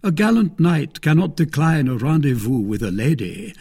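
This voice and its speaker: Courtly musketeer poet read by a man, lively husky voice, formal. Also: a little high, moderate pace, voice pushed up, full character voice. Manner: polished, formal speech. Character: elegant young male musketeer poet, courtly.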